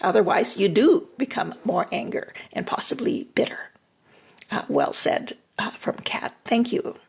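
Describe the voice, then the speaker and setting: A woman's voice: medium pitch, animated, a little slow, gravelly, slightly rough, whispered. An older woman, a retired relationship therapist, giving direct, reassuring advice on a live stream and often repeating her phrases.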